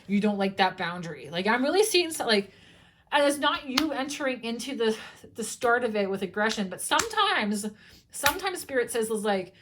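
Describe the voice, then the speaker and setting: A woman's voice: on the high side, noisy background. A young woman giving a casual tarot reading, chatty and loose, swearing freely and restarting her sentences often. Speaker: tarot reader.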